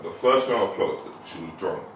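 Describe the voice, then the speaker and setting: A man's voice: low-pitched, fairly quick, over music. A young man, chatting casually with a friend and making blunt remarks in street slang. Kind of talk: casual chat. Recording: echoey, far from the mic.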